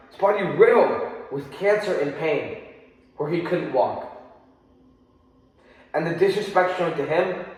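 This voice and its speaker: Impassioned man in an echoing hall. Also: fairly high pitch. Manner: impassioned, angry, emphatic pauses. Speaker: oral interpretation student. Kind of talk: dramatic recitation of a speech. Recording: echoey hall with long reverb.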